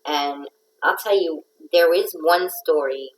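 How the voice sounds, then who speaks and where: A woman's voice: fairly low pitch, unhurried, poor audio. A middle-aged woman hosting a casual livestream, telling a rambling, playful story. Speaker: host of a craft livestream.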